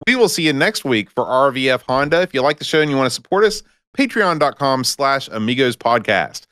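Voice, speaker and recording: A man's voice: mid-range voice, lively intonation, fairly quick, a bit bright, no echo, clean studio sound. A man co-hosting a casual podcast, telling stories with self-mocking jokes. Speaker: podcast co-host. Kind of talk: casual chat.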